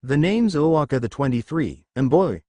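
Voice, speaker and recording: A man's voice: fairly high pitch, big pitch swings, moderate pace, warm tone, no room sound. A man voicing a pushy, snobbish older traveling merchant with a British accent in a storybook reading.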